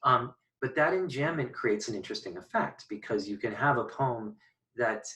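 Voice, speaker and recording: A man's voice: mid-range voice, lively intonation, normal speed, bright, forceful tone, distant mic, poor audio. A man giving an informal lecture on poetry as a teacher, thoughtful and full of fillers and restarts.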